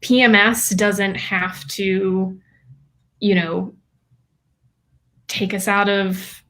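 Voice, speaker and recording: Slow-talking woman guest, halting. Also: mid-range voice, steady tone, a bit bright. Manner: hesitant, many fillers and restarts, laughs between phrases. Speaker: guest, women's health practitioner. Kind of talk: casual interview talk.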